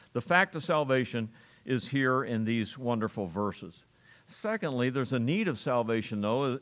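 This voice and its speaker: Man, pastor preaching a sermon, mid-pitched, earnest and emphatic, leans hard on repeated phrases, small chuckles.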